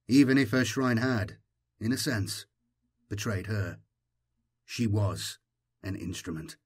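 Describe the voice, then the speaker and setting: A man narrating an audiobook in a measured, dramatic storytelling manner. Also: mid-range voice. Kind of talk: scripted narration.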